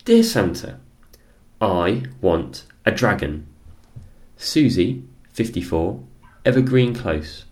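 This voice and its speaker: A man voicing a spoiled, demanding little girl in a storybook reading, whiny and insistent, pitched well above his own voice. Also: lively intonation, takes it slowly, a little mellow. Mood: proud.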